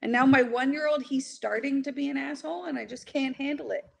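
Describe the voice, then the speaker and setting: A woman's voice: high-pitched, fairly quick, gravelly. A woman in her thirties, a stand-up comedian, chatting casually with brash, profane humor and frequent laughter. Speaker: comedian guest. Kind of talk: casual podcast chat.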